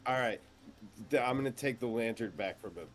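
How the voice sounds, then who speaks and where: A man's voice: medium pitch, a little fast, faint music behind. A man playing a tabletop game in a casual, joking way. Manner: joking, playful. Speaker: player.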